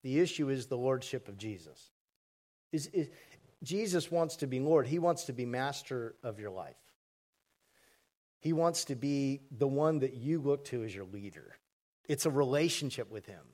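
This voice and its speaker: A pastor preaching a sermon to a congregation, conversational and asking the audience questions. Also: male voice, medium pitch, expressive, normal speed, darkish tone. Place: church hall with congregation. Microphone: handheld mic.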